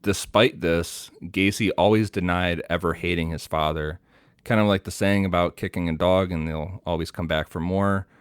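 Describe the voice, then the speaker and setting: A man co-hosting a podcast, reading his prepared research notes in a steady, matter-of-fact way. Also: low voice, moderate pace, clear, resonant tone, dry recording, clean studio sound.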